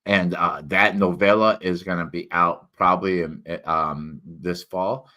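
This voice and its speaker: A man's voice: low voice, fairly even intonation, measured pace, bright, forceful tone. An American man, an independent author hosting a solo livestream, talking in a digressive way with many fillers and restarts, his enunciation slightly impaired after tongue cancer. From United States. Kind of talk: rambling solo livestream chat.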